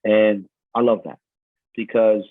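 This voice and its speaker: A man's voice: on the low side, slow pace, no room sound. A man in his forties, a strength coach, talking intensely and profanely in a podcast interview. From United States. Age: 40s. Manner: intense, profane, animated storytelling. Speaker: strength coach and gym owner. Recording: tinny phone-like line.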